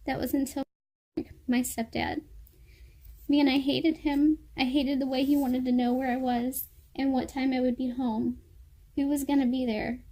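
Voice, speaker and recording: A woman's voice: high voice, warm tone. A woman in her thirties reading a personal letter aloud in an earnest, heartfelt way. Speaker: vlogger.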